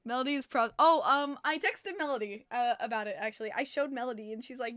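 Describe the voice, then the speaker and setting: A young woman with a New York accent, chatting casually with her live-stream audience as host, excitable and profane, laughing often. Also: a little high, a little fast, dry recording, studio quality.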